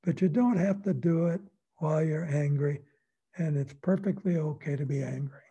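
An older man as a guest expert on a radio interview, calm and folksy, explaining with easy humor. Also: on the high side, moderate pace, husky. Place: radio studio.

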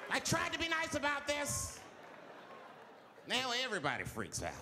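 Animated man doing stand-up in a hall. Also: extremely high pitch, normal speed. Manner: animated storytelling, acting out crowd voices. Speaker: stand-up comedian. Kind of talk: stand-up comedy. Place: theater stage. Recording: live theater with long reverb and audience noise. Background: audience laughter.

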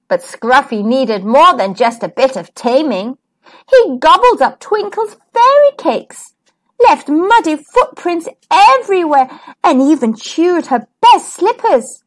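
A woman hosting a children's storytime channel, reading a picture book aloud in a gentle, expressive way. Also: high voice, slow pace. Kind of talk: children's read-aloud narration.

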